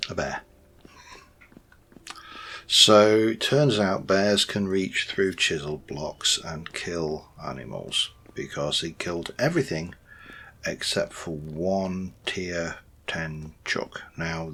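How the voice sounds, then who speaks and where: Chatty man with a very low voice. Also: bright, forceful tone, slightly rough. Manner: chatty and rambling, with many fillers. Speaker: let's-play host. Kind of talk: casual game commentary.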